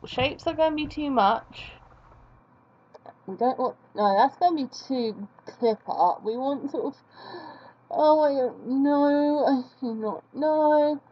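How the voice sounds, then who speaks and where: A young woman talks to her viewers while she draws, drifting from thought to thought and making fun of herself. She speaks slowly in a fairly high voice. The recording sounds a bit dull and muffled. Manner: rambling, self-mocking chatter. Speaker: art vlogger. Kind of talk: casual chat while drawing.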